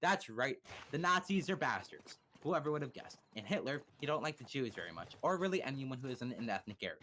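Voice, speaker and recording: A man's voice: mid-range voice, big pitch swings, brisk, bright, forceful tone, a little hiss or hum. A young man casually explaining history on a livestream, swearing and cracking crude jokes. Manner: crude, joking, profane.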